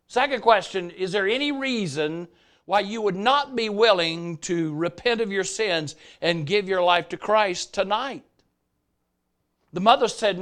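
An older Southern man delivers a sermon, telling lively stories and acting out the people he quotes. His voice sits high and flows smoothly at an unhurried pace.

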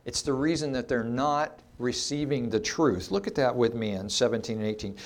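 A man's voice: mid-range voice, moderate pace. A middle-aged man preaching an expository sermon, teaching emphatically and asking rhetorical questions of his listeners.

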